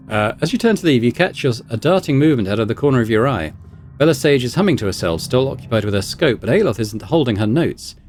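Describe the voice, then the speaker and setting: A man's voice: medium pitch, a little mellow, a little hiss or hum. Man reading out game text with wry asides. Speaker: let's play host.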